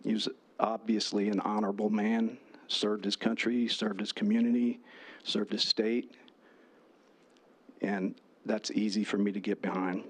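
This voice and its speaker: A man's voice: fairly low pitch, flat delivery, unhurried. A man, a veterans' post commander, giving earnest prepared testimony at a legislative hearing.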